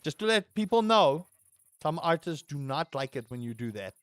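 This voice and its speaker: A young man giving let's play commentary, excitable, yelling and swearing at enemies as he plays. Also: on the high side, moderate pace, dry recording, studio quality. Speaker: gaming channel host.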